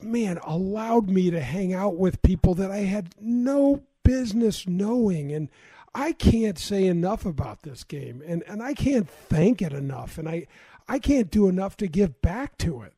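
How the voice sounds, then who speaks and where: A man in his sixties answers as a guest in a fairly high, mellow voice. He tells reflective stories, often restarting his sentences before finding his way through, and the recording is dry and close. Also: animated, a little slow, slightly rough, dry recording. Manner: reflective storytelling with false starts. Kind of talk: conversational interview.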